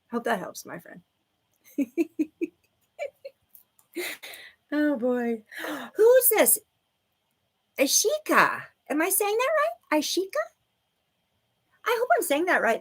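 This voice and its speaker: A woman's voice: sits high, huge pitch swings, slow, pauses often, darkish tone. A woman giving intuitive readings to viewers on a livestream, bubbly and giggly, full of "like" and "okay". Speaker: livestream psychic reader.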